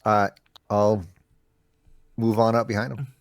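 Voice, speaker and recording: A man playing a tabletop game, talking in a measured, slightly lecturing way. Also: on the low side, little pitch movement. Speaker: player. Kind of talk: casual game chat.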